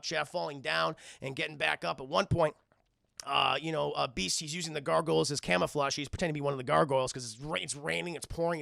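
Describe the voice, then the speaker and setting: A man streaming a casual, profane film recap, animated and talking to his chat throughout. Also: a little high, gravelly, no room sound, studio quality.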